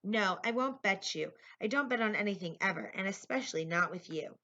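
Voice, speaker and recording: Woman playing a snobby mean girl, curt, bright voice, lo-fi. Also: mid-range voice, expressive, a little fast. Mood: scornful. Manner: scornful, curt. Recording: lo-fi recording.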